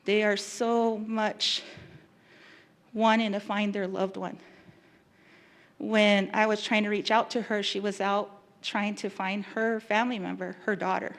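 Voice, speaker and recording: A woman who works as a victim specialist giving an earnest, emotional talk, pausing and restarting as she goes. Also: mid-range voice, little pitch movement. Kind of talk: public talk.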